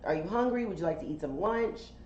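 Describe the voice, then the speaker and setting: A woman's voice: fairly low pitch, lively intonation, fast talker, darkish tone, echoey room, dull audio, lightly acted. A woman voicing a polite, eager artsy man in her story, speaking courteously.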